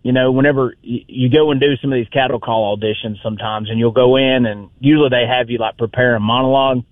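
Male radio caller, middle-pitched voice, tinny phone line. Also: steady tone, quick pace, no echo. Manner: chatty, filler-heavy. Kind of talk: phone-in chat.

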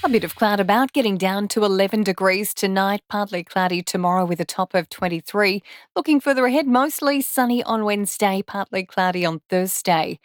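A woman delivers the radio news in a crisp, measured bulletin style. Her voice sits mid-range and sounds close and dry in the studio. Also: mid-range voice, dry recording. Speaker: radio newsreader. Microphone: studio mic.

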